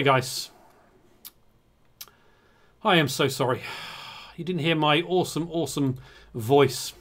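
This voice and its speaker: A man's voice: fairly high pitch, measured pace, long pauses, a bit bright. Flustered, apologetic male caster. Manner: flustered and apologetic, self-mocking. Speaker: esports caster and streamer. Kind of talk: live game commentary.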